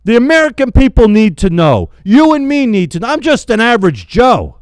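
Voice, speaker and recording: A man angrily venting in a spoken rant, yelling, repeating himself and stumbling over his words in frustration. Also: very high-pitched, big pitch swings, brisk, dry recording. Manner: repeats phrases for emphasis. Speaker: political vlogger.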